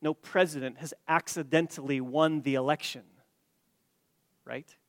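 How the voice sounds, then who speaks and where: A man preaching an expository sermon to his church, stressing key words loudly and then dropping his voice low, with some stammering restarts. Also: fairly even intonation, unhurried, dry recording, clean studio sound. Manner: emphatic, rising to loud stresses then dropping quiet. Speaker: pastor.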